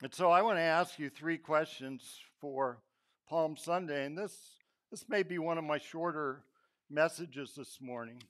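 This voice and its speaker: A man preaching a Palm Sunday sermon in church, telling stories and acting out quotes, sometimes dropping to a hushed voice. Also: fairly high pitch, a little slow. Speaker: pastor.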